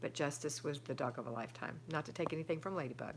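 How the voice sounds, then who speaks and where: A woman's voice: low voice, quick pace, a little hiss or hum. A middle-aged woman, hosting a casual live stream at home and chatting as she reads viewer comments aloud and answers them. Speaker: livestream host reading viewer comments.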